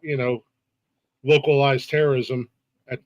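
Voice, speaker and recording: A man's voice: medium pitch, flat delivery, unhurried, dull audio. A man hosting a casual live-stream interview, laid-back and laughing often, with lots of restarts and fillers. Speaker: podcast host.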